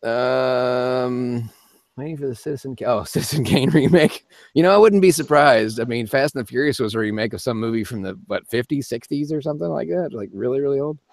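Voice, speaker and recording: A man's voice: mid-range voice, brisk, vocal fry, no echo, studio quality. A man hosting a live-stream Q&A as a voice actor, chatting casually and rambling with frequent laughs. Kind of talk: casual live-stream chat answering viewer comments.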